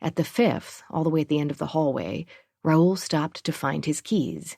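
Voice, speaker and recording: A woman narrating a thriller audiobook in a steady, even reading. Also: deep voice, normal speed, vocal fry, no room sound, clean studio sound.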